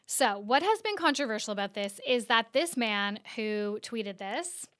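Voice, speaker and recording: A woman's voice: a little high, expressive, unhurried, fairly bright tone, clear, resonant tone, no room sound, clean studio sound. A woman hosting a podcast, recapping internet news in a casual, chatty way full of "like" fillers. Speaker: podcast host.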